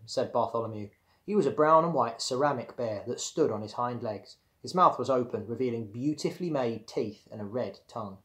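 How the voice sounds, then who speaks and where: A man reading a children's storybook aloud to his class. He narrates at an easy, even storytelling pace. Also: medium pitch, a little fast. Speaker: primary school teacher.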